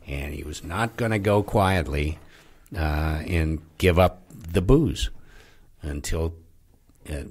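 Deep-voiced man, halting storyteller. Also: husky. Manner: halting, repeats words, trails off quietly. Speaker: guest. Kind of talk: conversational storytelling.

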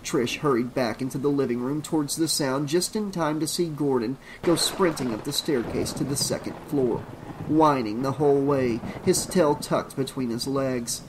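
A man reading a horror novel aloud as an audiobook narrator, in a measured, suspenseful delivery. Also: mid-range voice, background noise.

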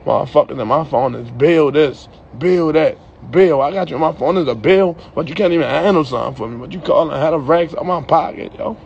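A man's voice: on the high side, brisk, creaky, few pauses, a little mellow, lo-fi sound, a little hiss or hum. A young man in a heated, profane rant to the camera, ending his lines with "yo". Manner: profane, heated, repeats "yo" at line ends.

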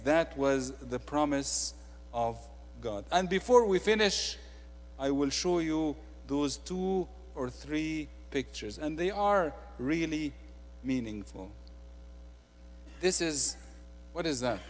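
A male preacher with an Egyptian accent delivers a sermon in a slightly raised voice. He shifts between soft, confiding asides and forceful, emphatic declarations. His voice rings with the long reverb of a large church hall. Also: fairly high pitch, expressive, slow pace. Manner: swings from quiet intimate asides to loud emphatic declarations.

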